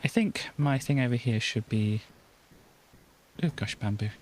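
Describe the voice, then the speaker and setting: A woman's voice: rumbling low, measured pace, darkish tone, a little hiss or hum, rough recording. A woman streaming a game, chatting casually and giggling as she reads item names aloud. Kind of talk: casual gameplay chat.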